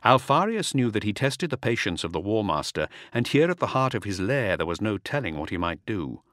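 A man narrating an audiobook in a dramatic, measured reading. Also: on the low side, very animated, a bit bright, no echo, clean studio sound. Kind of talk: scripted narration.

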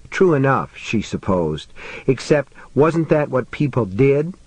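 A man narrating a horror novel in a measured, wry storytelling manner. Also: mid-range voice, big pitch swings, a little mellow, slightly rough, no room sound. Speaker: audiobook narrator.

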